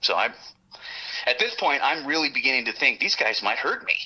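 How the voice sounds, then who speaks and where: A man telling a story as a guest, lively and profane, laughing often and acting out what the others said. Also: mid-range voice, brisk, husky, muffled recording. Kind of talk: animated storytelling.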